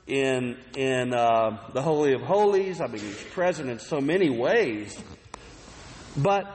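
A man preaching a sermon, telling stories earnestly, with emphatic rises and soft asides. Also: on the high side. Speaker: pastor. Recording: long hall reverb.

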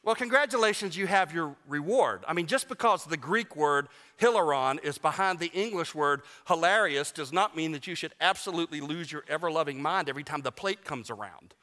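A man preaching a sermon to his congregation, animated and joking, with emphatic rises on key words. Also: on the high side, brisk, few pauses. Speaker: pastor. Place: church sanctuary. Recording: long church reverb.

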